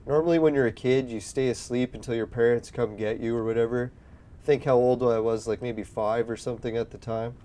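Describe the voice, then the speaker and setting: A man's voice: mid-range voice, fairly even intonation, fairly quick, dark tone. A young man telling a long childhood story in casual chat while playing a game, rambling and swearing as he acts out his own past words. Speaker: gaming video host.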